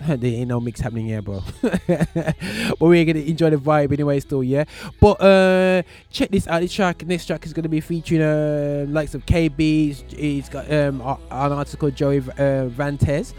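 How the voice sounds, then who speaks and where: A man's voice: fairly high pitch, moderate pace, darkish tone, soft background music. A man in his forties hosting a casual radio show from a small studio, talking in a loose, rambling way with slang.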